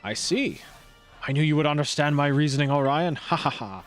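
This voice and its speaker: A man's voice: on the high side, brisk, soft background music, close to an everyday voice. A man voicing a pompous, flamboyant male artist gym leader with a put-on French accent, speaking in a grandiose, formal way.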